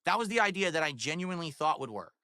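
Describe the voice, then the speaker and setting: Bright, ranting man on a livestream. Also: on the high side, very animated, fast talker, dry recording, clean studio sound. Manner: aggrieved, profane, ranting. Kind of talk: livestream rant.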